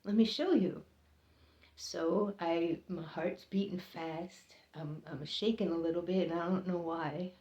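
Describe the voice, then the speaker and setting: A woman telling a personal story in an earnest, halting way, often pausing and repeating herself as the feeling builds. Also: fairly even intonation, dark tone. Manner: earnest, halting, emotional, voices others' lines higher. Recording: roomy, slightly dull recording.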